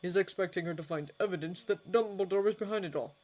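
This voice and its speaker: A woman voicing a brisk, sarcastic male wizard investigator in a fanfiction audiobook. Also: high-pitched, darkish tone, close to an everyday voice. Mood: grim.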